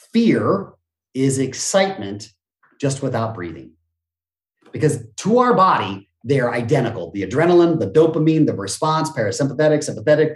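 A man talking as a motivational speaker and business coach on a podcast, energetic, acting out quoted voices and gasps, with some casual swearing. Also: mid-range voice, reverberant. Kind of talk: energetic conversational interview talk.

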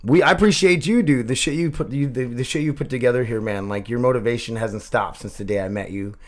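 A man's voice: mid-range voice, fast talker. A man hosting a casual podcast and chatting with a guest in a martial arts gym. He rambles, swears a lot and uses many fillers and restarts. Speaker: podcast host.

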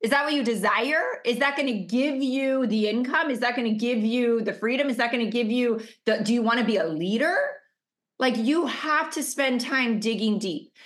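Woman, middle-aged, motivational coach, emphatic, higher voice, video call. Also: moderate pace. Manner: emphatic, repeats rhetorical questions. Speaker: business coach. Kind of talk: motivational masterclass talk.

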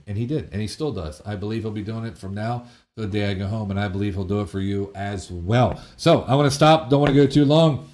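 A man's voice: on the low side, brisk. A man pastor giving an informal sermon, talking in a conversational way with fillers like "like" and "man", and acting out short quotes. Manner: conversational, animated preaching with many fillers and acted-out quotes.

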